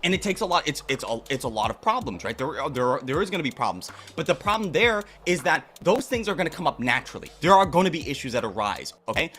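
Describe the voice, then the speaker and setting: A man's voice: fairly high pitch, sing-song, quick pace, few pauses, fairly bright tone, a little hiss or hum. A young man ranting casually and bluntly about dating, with a lot of swearing and heavy emphasis. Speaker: dating commentator in a played clip. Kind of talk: casual opinion rant.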